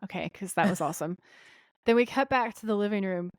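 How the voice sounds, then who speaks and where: Speaking fast in a medium pitch, a female podcast co-host gives a casual recap of an episode. She performs the characters' quoted lines with animation, and the studio audio is clean, without any room sound.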